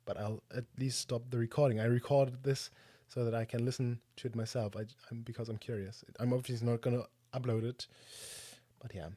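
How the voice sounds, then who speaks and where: A man's voice: mid-range voice, little pitch movement, fairly quick, mellow. A man casually chatting alone on a livestream, rambling with many fillers and restarts. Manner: rambling, self-deprecating, lots of fillers. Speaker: streamer. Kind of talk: casual solo stream chat.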